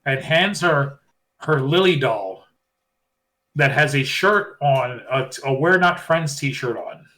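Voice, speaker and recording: A man co-hosting a casual podcast, talking at a middling pitch. He retells events in an animated way and slips into quoted voices along the way. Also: slow pace. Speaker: podcast co-host. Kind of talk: casual wrestling recap chat.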